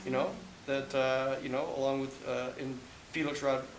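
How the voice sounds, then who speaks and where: A man's voice: medium pitch, completely flat delivery, moderate pace. A man, a public interest lawyer, telling stories at length at a book talk with audience questions, rambling with many restarts and fillers. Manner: rambling storyteller, many restarts and "you know". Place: hall with live audience. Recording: echoey hall, faint hiss.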